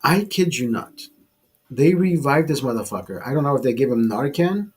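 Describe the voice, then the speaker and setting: A man's voice: medium pitch, lively intonation, moderate pace, a little mellow, husky. A man hosting a casual drinking livestream, telling a rambling, profane bar story to his viewers. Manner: profane, rambling anecdote teller. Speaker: livestream host.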